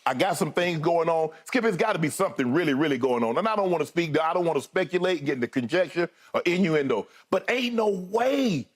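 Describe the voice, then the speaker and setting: Man, sports debate co-host, high voice, emphatic and colloquial, keeps pressing his partner. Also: lively intonation, fairly quick, hardly any pauses, slightly rough.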